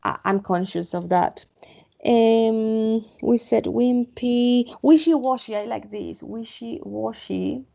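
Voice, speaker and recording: Woman, Spanish accent, English teacher, slow careful explaining, dull lo-fi computer mic. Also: a little high, vocal fry, dark tone. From Spain. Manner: explains vocabulary slowly, repeats words and checks with "okay?". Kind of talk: online English lesson.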